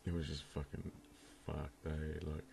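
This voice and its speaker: A man's voice: a bass voice, little pitch movement, unhurried, creaky, dark tone, slight background noise. A young man telling a crude story to his camera at home, rambling and laughing often as he talks. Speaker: vlogger. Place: room at home, indoors.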